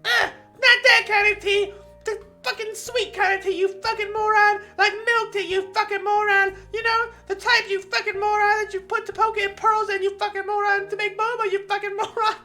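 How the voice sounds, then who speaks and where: Natsuki, a woman doing a bratty shrill teen girl. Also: flat delivery, normal speed, sharp tone, faint music behind, full character voice. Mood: snippy. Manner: shrill, insulting, huffy. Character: bratty, foul-mouthed tsundere teen girl.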